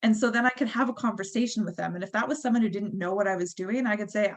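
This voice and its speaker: A woman's voice: mid-range voice, fast talker, hardly any pauses. A woman in her thirties giving a chatty, encouraging motivational talk to her team on a call, full of fillers like "um" and "like.". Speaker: team leader.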